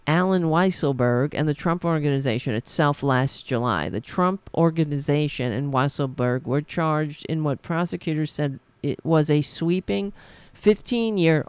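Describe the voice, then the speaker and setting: A woman's voice: low voice, a little mellow, smooth, no room sound. A woman hosting a political podcast, reading news stories aloud and breaking in with scornful, sarcastic asides and frequent self-corrections.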